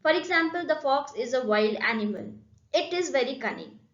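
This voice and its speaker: A woman with an Indian English accent teaching a grammar lesson, repeating points slowly and checking in with "okay" and "right". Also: high voice, lively intonation, a bit bright, roomy sound, lo-fi sound. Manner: slow, repetitive, addresses students with "okay?" and "right?". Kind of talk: classroom lesson explanation.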